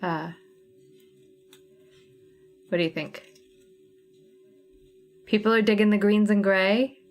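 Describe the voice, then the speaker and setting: A woman's voice: mid-range voice, takes it slowly, lo-fi sound, faint music behind. Chatty woman hosting a stitching livestream. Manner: chatty, thinking aloud while sorting flosses. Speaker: cross-stitch livestream host. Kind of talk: casual livestream chat.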